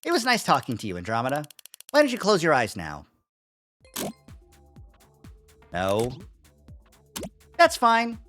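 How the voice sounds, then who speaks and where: A streamer voicing a smooth-talking AI companion who flatters the player, calls them darling and pushes paid upgrades, reading game dialogue aloud. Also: medium pitch, normal speed, faint music behind. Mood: persuasive.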